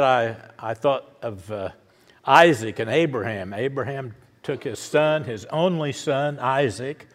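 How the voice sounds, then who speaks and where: Preacher man in a reverberant church. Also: medium pitch. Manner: emphatic repetition, rising to loud declarations. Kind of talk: sermon. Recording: long hall reverb.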